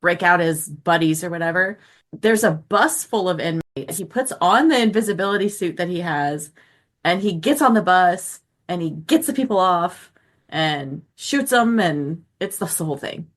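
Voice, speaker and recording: A woman co-hosting a podcast in casual chat, expressive and quick to laugh. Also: on the low side. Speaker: podcast co-host.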